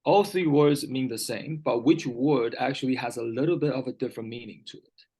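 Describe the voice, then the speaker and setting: In a one-on-one vocabulary lesson, a man tutors English, patiently repeating key words and frequently checking that his student follows. His medium-pitched voice is warm and brisk, though the recording is rough.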